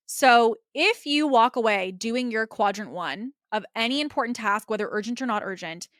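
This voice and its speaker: A woman's voice: mid-range voice, a bit bright, no room sound, clean studio sound. A woman hosting a solo business podcast, coaching listeners step by step in a direct way and often checking in with "okay?".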